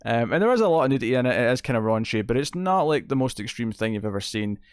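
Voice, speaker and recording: Guy rambling happily about films he just watched, smooth voice, dead dry mic. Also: medium pitch, big pitch swings, quick pace, dry recording. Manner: enthusiastic, rambling with fillers and restarts. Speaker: film reviewer, show host. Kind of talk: casual spoken movie review.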